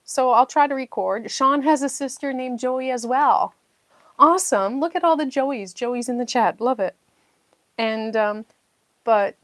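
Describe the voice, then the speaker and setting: A woman's voice: on the high side, dry recording. A middle-aged woman from New Brunswick, chatting and telling a story while hosting a puzzle livestream. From New Brunswick, Canada. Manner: chatty storytelling, reading viewer chat aloud. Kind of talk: casual livestream chat.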